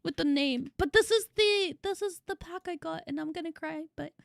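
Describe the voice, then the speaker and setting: A young woman livestreaming, her voice sitting extremely high, bubbly and effusive as she thanks her viewers over and over with casual swearing mixed in. The sound is close and bone-dry, with no room around it. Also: moderate pace, gravelly, dry recording. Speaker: VTuber streamer. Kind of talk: casual live-stream chat with viewers.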